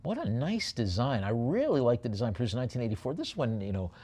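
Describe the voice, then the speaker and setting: An older man with a New York accent running a live auction, calling bids quickly and dropping joking asides between lots. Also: medium pitch, big pitch swings, warm tone, breathy edge. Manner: chatty, joking asides between rapid bid calls.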